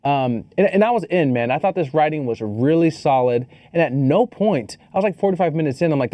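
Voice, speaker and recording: A man co-hosting a podcast, giving a casual movie review, animated and swearing freely. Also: fairly high pitch, no echo. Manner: animated, swears freely, quotes people in quick asides. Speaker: podcast co-host.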